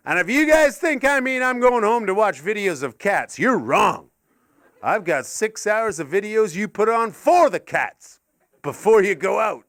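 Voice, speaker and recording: A man's voice: high-pitched, animated, measured pace, fairly bright tone, dry recording, clean studio sound. A man from Canada doing stand-up at a live venue, rambling and self-mocking through absurd stories on a handheld mic. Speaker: stand-up comedian. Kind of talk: stand-up set.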